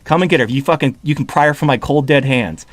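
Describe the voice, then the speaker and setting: A man's voice: medium pitch, quick pace, no room sound. A man hosting a podcast, ranting in a heated, sarcastic and profane way in casual chat. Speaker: podcast host.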